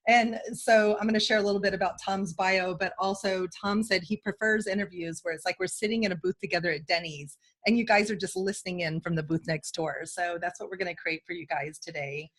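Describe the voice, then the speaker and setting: A woman co-hosting a podcast, a little hoarse from a cold, chatting in an enthusiastic, talkative way. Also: fairly low pitch, steady tone, fairly quick, few pauses, fairly bright tone. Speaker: podcast co-host. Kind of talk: casual interview chat.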